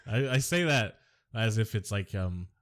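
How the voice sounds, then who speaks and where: Joking low-voiced man on a movie podcast. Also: animated, a little slow, fairly bright tone. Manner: jokey, rambling, silly impressions. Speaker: podcast co-host. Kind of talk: casual movie podcast chat.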